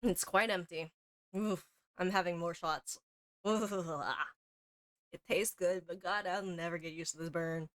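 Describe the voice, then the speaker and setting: A woman's voice: lowish voice, unhurried, a bit bright. A young woman streaming a game while drunk, rambling and swearing freely as she chats and mocks herself. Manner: profane, rambling, self-mocking. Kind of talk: casual game stream chat. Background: game music.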